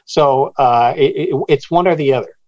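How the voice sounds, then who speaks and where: Guy telling a story with lots of stammers and restarts, slightly high voice, dull lo-fi dry sound. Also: dry recording. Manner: halting, many restarts, animated retelling with quoted voices. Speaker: author guest. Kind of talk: storytelling interview.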